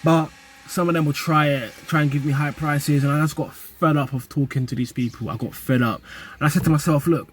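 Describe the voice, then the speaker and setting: A man's voice: on the high side, fairly even intonation, brisk, a little hiss or hum. A young man from the UK and Nigeria, talking casually and animatedly to camera in street slang. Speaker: vlogger. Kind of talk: casual vlog monologue.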